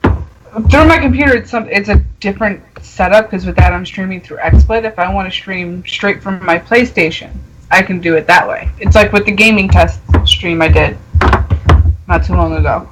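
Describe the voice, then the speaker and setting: A woman's voice: medium pitch, normal speed, noisy background. A woman chatting casually on a stream, explaining things in a plain, matter-of-fact way. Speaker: guest co-host. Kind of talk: casual chat.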